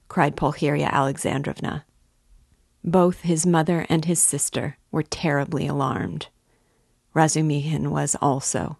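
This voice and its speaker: A woman narrating a classic novel in a measured, even reading voice. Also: low voice, gravelly, no room sound, studio quality.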